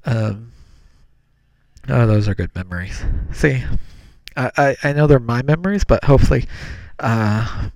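Speaking at a measured pace into a hand-cupped podcast mic in a small room, this young solo podcast host meanders, using fillers and correcting himself. His medium-pitched voice is expressive and darkish, with no room sound.

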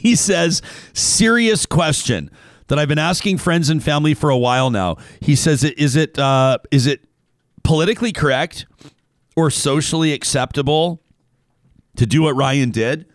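A man's voice: on the high side, normal speed, no room sound, clean studio sound. A man hosting a casual talk show, reading out a listener email and wandering off on tangents.

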